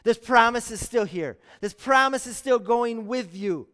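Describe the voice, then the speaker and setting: Very high-voiced male pastor preaching. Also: measured pace, fairly bright tone, smooth. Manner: earnest preaching with rhetorical questions and repeated phrases. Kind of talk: sermon. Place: church sanctuary. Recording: long church hall reverb.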